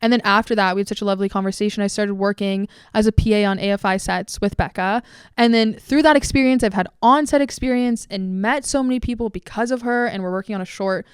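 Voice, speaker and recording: A woman's voice: medium pitch, fast, clear, resonant tone, dry recording, studio quality. A young woman in her twenties hosting a podcast, gushing and emotional in casual chat, swearing freely. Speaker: podcast host.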